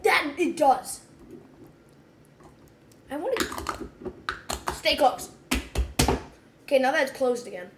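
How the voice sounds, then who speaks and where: A woman's voice: sits high, lively intonation, slow, pauses often, noisy background. A young woman co-hosting a podcast in casual chat, giggly, chatty and easily grossed out. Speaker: podcast co-host.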